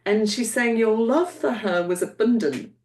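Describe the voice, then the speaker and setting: Here a host and medium leads a mediumship demonstration, calling people darling as she affectionately and searchingly relays messages in repetitive phrasing. Her voice is slightly high, slightly slow, and somewhat mellow. She sits far from the mic, so the recording sounds roomy.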